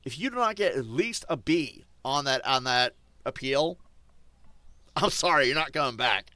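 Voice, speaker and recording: A male streamer ranting defiantly to his chat, swinging between loud outbursts and low muttering. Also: expressive, normal speed, no echo. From German. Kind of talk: casual stream rant.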